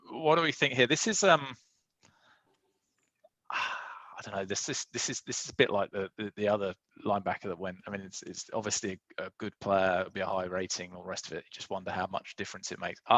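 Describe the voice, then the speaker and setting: A man's voice: fairly low pitch, a little fast, fairly bright tone, no echo, low-quality recording. A man hosting a casual draft recap chat, musing aloud with many hesitant restarts and fillers. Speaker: league host leading a draft recap.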